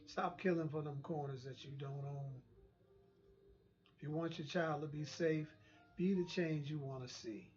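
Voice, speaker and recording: A man's voice: a little high, a little slow, a little mellow, dull audio, slight background noise. A man hosting his own channel, delivering an impassioned, preachy commentary and repeating phrases for emphasis. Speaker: channel host.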